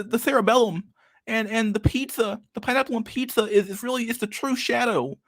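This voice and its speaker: A man doing an impression of a rambling, pompous older male lecturer who stumbles over repeated words. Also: extremely high pitch. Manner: halting, repetitive, preachy.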